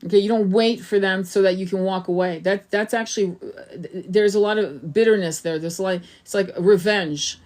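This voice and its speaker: A woman's voice: mid-range voice, moderate pace, a little mellow. A middle-aged woman giving casual spiritual advice as a tarot reader, blunt and swearing freely, often checking in with "okay?".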